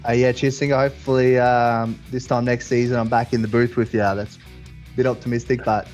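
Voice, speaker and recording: A man's voice: medium pitch, little pitch movement, brisk, darkish tone, lo-fi sound, faint music behind. A man, a sim racing champion, talking in an easygoing, hesitant way with many fillers. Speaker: guest champion.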